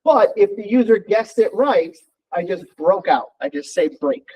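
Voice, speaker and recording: Man, lecturer, high-pitched, relaxed, live coding walkthrough. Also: moderate pace, slightly rough, rough recording. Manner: relaxed, thinking aloud while typing code. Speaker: college programming lecturer.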